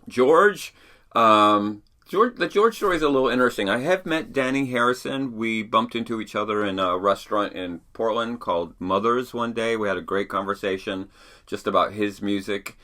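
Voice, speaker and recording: Deep-voiced man telling rambling stories. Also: sharp tone. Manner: rambling, chatty with fillers and restarts. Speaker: podcast host. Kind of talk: casual storytelling. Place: home attic.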